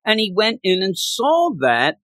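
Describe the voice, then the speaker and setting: Excitable male comic fan, high and bright, retells scenes animatedly. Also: a little slow, dry recording. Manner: animated, laughs while retelling, acts out quotes. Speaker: comic book podcast co-host. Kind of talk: casual comic recap chat.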